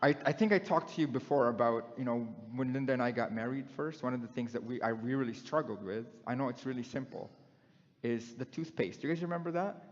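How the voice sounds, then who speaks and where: A middle-aged man preaches a sermon in a relaxed, conversational way, often stopping to put questions to his congregation. His voice sits at an ordinary pitch. The recording is a little muffled and carries a long echo from a church hall. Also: a little fast. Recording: dull sound in a long-echoing hall.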